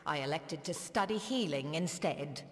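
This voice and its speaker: A woman voicing a calm, earnest healer character in a fantasy video game. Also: low voice, moderate pace, in a large hall, soft background music, close to an everyday voice. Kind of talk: game voice acting.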